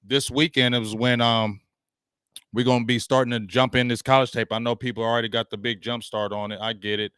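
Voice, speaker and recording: A man hosting a sports talk show, ranting about his team in slangy, animated talk and reading out viewer comments. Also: mid-range voice, brisk, clear, resonant tone, no room sound, studio quality.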